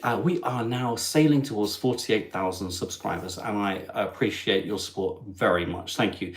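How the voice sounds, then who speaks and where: A man's voice: on the low side, normal speed, few pauses. A man hosting his travel livestream, chatting in a cheeky, jokey way with asides to viewers. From England. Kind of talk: chatty live stream.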